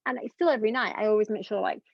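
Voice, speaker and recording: A woman's voice: mid-range voice, rapid-fire, gravelly, dry recording. A young woman, speaking candidly as an interview guest in an earnest, rambling way full of fillers. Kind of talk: candid conversation. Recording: dull lo-fi dry recording.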